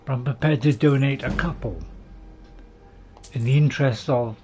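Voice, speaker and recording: A man's voice: mid-range voice, moderate pace, darkish tone, soft background music. Chatty man narrating gameplay. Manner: chatty and self-deprecating, with dry jokes; hesitant, with many fillers and restarts. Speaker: gaming channel host. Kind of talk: gameplay commentary.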